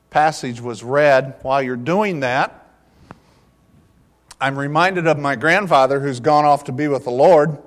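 A middle-aged male pastor delivers a sermon full of funny stories. His voice sits a bit high for a man. The sound rings with the long reverb of a church hall. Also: a bit bright. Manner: humorous storytelling.

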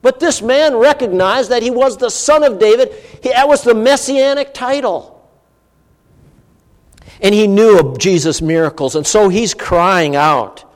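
Man preaching a sermon, high voice, lots of hall reverb, gets loud then goes quiet. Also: a little slow. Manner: animated, rising to emphatic peaks and dropping to hushed asides.

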